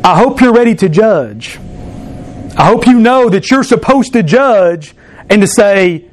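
Thirties male pastor, playful banter-heavy preaching, high pitch, faint hiss behind. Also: animated, unhurried. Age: 30s. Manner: playful, teasing, banters with the congregation. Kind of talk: sermon with object lesson. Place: church.

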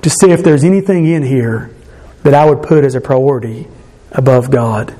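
A man's voice: medium pitch, normal speed, warm tone. A man preaching a sermon to his congregation in an earnest, conversational way, often restarting his sentences. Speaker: pastor.

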